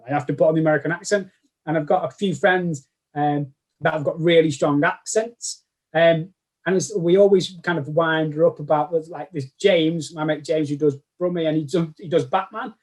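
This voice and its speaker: This Manchester man talks at a fairly quick pace with a fairly high pitch. Appearing as a guest cosplayer in a casual interview, he wanders and keeps restarting and self-correcting.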